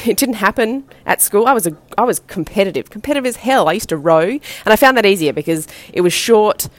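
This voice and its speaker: Energetic Australian woman, motivational talk. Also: lowish voice, no echo. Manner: energetic, emphatic, swears mildly. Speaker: podcast host. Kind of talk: motivational monologue.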